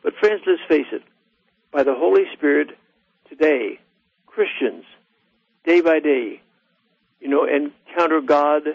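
A man's voice: fairly high pitch, slow pace, long pauses, no echo. A male radio guest teaching from the Bible in an earnest, preaching way, calling listeners friends. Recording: dry, dull lo-fi line.

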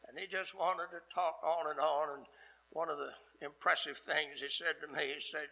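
An older male pastor delivers a sermon in a very bright, slightly high voice. He speaks earnestly, with deliberate pauses between his phrases. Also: fairly even intonation, gravelly, rough recording.

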